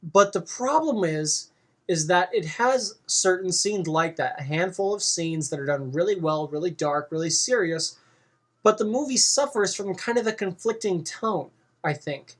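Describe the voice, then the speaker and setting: A movie reviewer giving a casual spoken review, rambling and halting with frequent fillers. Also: medium pitch, animated.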